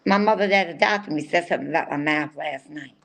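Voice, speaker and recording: Older woman, podcast co-host, loose rambling delivery, gets amped up fast. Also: sits low, gravelly. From North Carolina. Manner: rambling, excitable, restarts often. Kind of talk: casual chat.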